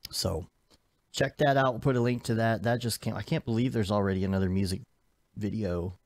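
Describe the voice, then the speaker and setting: A man co-hosting a podcast, chatting casually and animatedly about software and games. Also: fairly low pitch, a little fast, no echo. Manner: animated, switches into exaggerated impressions. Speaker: podcast co-host. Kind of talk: casual chat.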